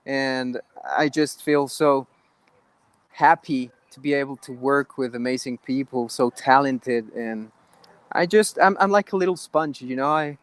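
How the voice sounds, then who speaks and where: A man's voice: medium pitch, unhurried, clear, resonant tone, no echo. A man, an actor guest in an interview, talking earnestly with many restarts and halts. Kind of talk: interview conversation.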